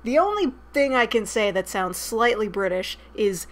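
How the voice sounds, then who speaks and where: A young woman streamer reading a dating sim aloud with loud, profane, expressive commentary. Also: on the high side, moderate pace.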